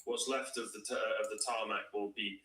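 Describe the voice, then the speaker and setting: Man chiming in, sharp bright voice, echoey room, bit of hiss. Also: lowish voice, flat delivery, moderate pace. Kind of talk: remote stream discussion. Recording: roomy, distant mic with faint noise.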